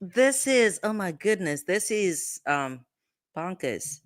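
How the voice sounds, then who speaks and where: A woman's voice: mid-range voice, big pitch swings, takes it slowly. A woman lawyer hosting a show, giving chatty, incredulous reaction commentary and thinking aloud. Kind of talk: casual legal reaction commentary.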